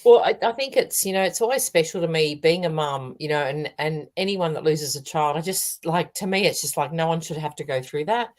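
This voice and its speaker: A woman's voice: sits low, a little fast, few pauses. A middle-aged Australian woman co-hosting a casual chat, telling stories with frequent laughter. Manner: warm storytelling, laughs often. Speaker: co-host, medium.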